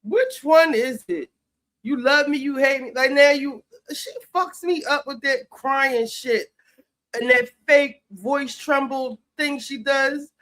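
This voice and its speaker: A man's voice: very high-pitched, slow pace, fairly bright tone. A man giving sassy, profane, heated commentary on a reality show while cooking in his home kitchen. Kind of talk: casual commentary chat.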